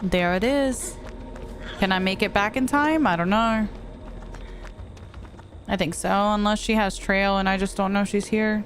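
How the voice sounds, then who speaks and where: A woman's voice: mid-range voice, a little slow, long pauses, soft background music. A young woman streaming a game, chatting casually with viewers and humming little vocal stims between thoughts. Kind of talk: casual gameplay chat while answering viewers.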